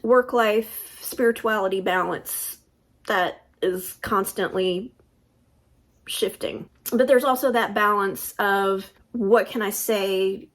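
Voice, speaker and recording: A middle-aged woman from the United States, talking reflectively in a personal tarot vlog with frequent pauses. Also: medium pitch. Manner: unhurried, thoughtful, with frequent pauses. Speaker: tarot vlogger.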